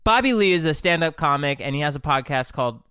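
A young man hosting a casual podcast, joking and teasing his co-host with frequent laughter. His voice sits high and swings through a lively range, smooth and clear. The sound is close and dry. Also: quick pace, no echo. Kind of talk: casual chat.

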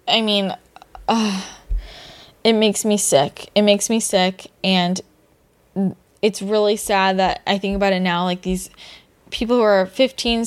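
A woman's voice: mid-range voice, no echo. A young adult woman hosting a podcast, speaking in an earnest, rambling personal monologue, swearing freely and getting worked up. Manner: gets worked up. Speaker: podcast host.

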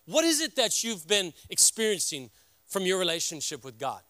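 A middle-aged man preaching a sermon as a pastor, earnest and halting, speaking from the heart. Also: high-pitched, big pitch swings, bright, forceful tone, no echo, studio quality.

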